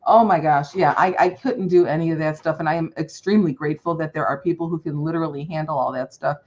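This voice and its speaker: Low-voiced woman on dull call audio. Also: steady tone, fast talker, a little hiss or hum. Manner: agreeable, easygoing storyteller. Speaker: co-host of a crafting livestream. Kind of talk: casual chat. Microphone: video call.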